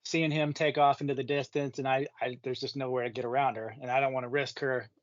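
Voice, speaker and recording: A man's voice: medium pitch, level tone, quick pace, no echo. A man guesting on a podcast, telling a race story in easygoing casual chat and laughing at himself. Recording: dry, dull lo-fi sound.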